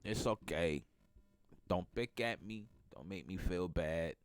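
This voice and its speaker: Slow and low-voiced, this middle-aged man is hosting a casual morning talk show as a podcast host, his nose stuffed up from a cold. He teases playfully and laughs often, with slight background noise behind him.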